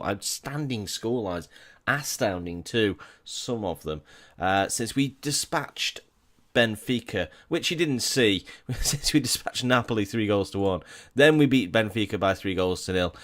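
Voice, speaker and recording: A man talking through a football management game in a casual, chatty way, with wry asides and frequent self-corrections. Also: on the low side. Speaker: gaming YouTuber.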